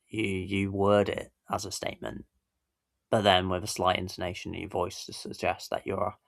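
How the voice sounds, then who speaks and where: A man's voice: low-pitched, creaky, a bit bright, no echo, studio quality. A man hosting a casual reaction video, rambling and correcting himself with little chuckles. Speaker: YouTube reaction host.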